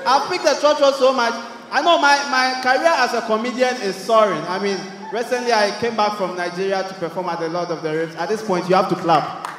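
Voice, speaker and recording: A young Ghanaian man with a Ghanaian English accent doing animated stand-up comedy, acting out characters with shouts. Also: high voice, a little fast, roomy sound, long reverb tail, slight background noise. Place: large hall with live audience.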